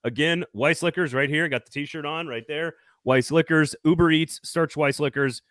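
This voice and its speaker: A man's voice: on the high side, moderate pace, a bit bright, dry recording, studio quality. A man co-hosting a casual sports talk show, joking, laughing often and reading sponsor ads. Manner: jokey, laughs often, hypes co-host. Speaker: sports radio co-host. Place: Nashville studio.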